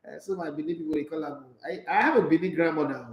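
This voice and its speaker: A man with a Nigerian accent hosting a sports talk show, chatting casually and reading viewer comments in a playful, animated way. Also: a little high, fast, echoey room, dull audio. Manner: playful, animated, slipping into Pidgin.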